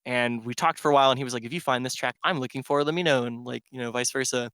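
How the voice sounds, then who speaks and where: A man's voice: medium pitch, steady tone, fast talker, a bit bright, clean tone, no echo, clean studio sound. A man who is a DJ, telling a long rambling story in casual podcast chat and filling it with "like". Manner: rambling storyteller, heavy "like" filler. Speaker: DJ guest.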